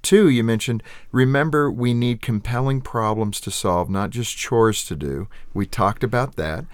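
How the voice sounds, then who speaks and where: A man co-hosting a radio talk show, lively and quick to laugh as he chats with a guest. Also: medium pitch, clean tone, dry recording. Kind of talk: interview chat.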